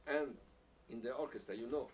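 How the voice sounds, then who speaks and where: A man teaching a piccolo masterclass, speaking haltingly, repeating words and using non-native phrasing, with frequent small laughs. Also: mid-range voice. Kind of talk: masterclass teaching, answering questions. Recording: distant mic with faint background hiss.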